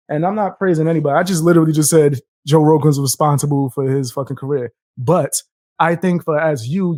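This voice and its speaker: A man's voice: fairly high pitch, a little mellow, no room sound, clean studio sound. A young man live streaming, reacting with a profane, combative rant and taunting his viewers between laughs.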